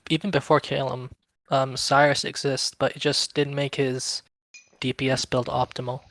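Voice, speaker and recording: Guest, male, mid pitch, dry sound, chimes in with short agreement. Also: little pitch movement, normal speed, a bit bright, no echo. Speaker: podcast guest. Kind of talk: casual gaming discussion.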